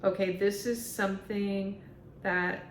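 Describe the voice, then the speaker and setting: Woman medium, casual vlog monologue, filler-heavy, unhurried, faint rumble behind. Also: little pitch movement, roomy sound. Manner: rambling, filler-heavy, laughs often. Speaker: spiritual medium.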